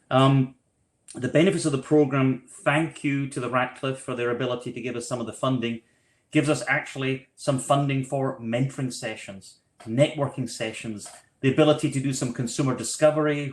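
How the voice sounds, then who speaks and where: A man's voice: medium pitch, reverberant. A man with a Scottish accent giving an online talk about a fellowship program, conversational with frequent fillers. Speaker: program speaker. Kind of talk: online presentation.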